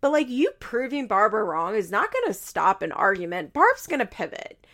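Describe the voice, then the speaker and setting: A woman's voice: medium pitch, sing-song, normal speed, a bit bright. A young woman hosting a podcast, casually recapping a reality show in a gossipy, swearing, chatty way. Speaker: podcast host.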